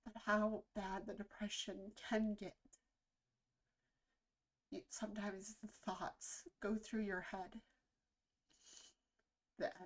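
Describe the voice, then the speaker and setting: Husky-voiced woman musing earnestly. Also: medium pitch, little pitch movement. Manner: earnest, reflective, halting with pauses. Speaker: reaction video host. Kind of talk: casual spoken reaction commentary.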